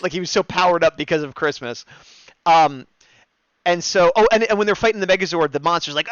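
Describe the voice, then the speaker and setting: A man co-hosting a fan discussion show, excitedly rambling through an episode recap and acting out quoted lines. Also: a little high, fast, no echo. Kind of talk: casual recap chat, livestream. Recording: dull, dry, lo-fi stream mic.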